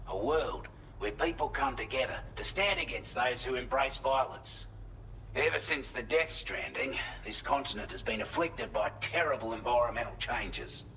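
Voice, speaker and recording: A man's voice: medium pitch, moderate pace, sharp tone, a little hiss or hum, poor audio. A man voicing an earnest, determined male idealist in video game dialogue. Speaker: game character.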